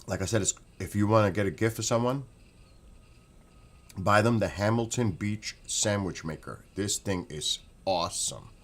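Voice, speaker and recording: Low-voiced man raving casually. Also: normal speed, fairly bright tone. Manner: enthusiastic, rambling, repeats himself. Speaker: vlogger. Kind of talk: casual chat.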